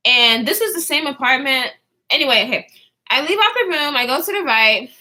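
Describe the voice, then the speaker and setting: A woman's voice: high voice, lively intonation, fairly quick, sharp tone. A woman in her twenties telling a story to her viewers in a casual, slangy way, swearing freely and often trailing off to restart.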